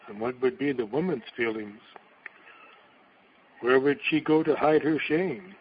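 A man's voice: mid-range voice, slight background noise. Solemn male preacher, lo-fi recording. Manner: solemn, declamatory, with dramatic quotations. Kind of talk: reading a sermon aloud.

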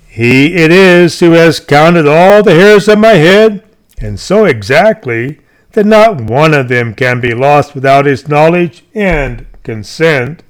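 A man reading an old sermon aloud in a measured, solemn way. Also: on the high side, clear, resonant tone. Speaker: preacher.

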